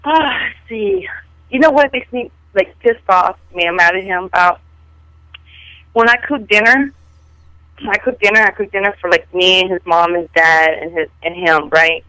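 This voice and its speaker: A woman's voice: fairly low pitch, sharp tone, no echo, rough recording. Podcast co-host, woman, exasperated storyteller, dry close sound. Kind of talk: casual podcast chat.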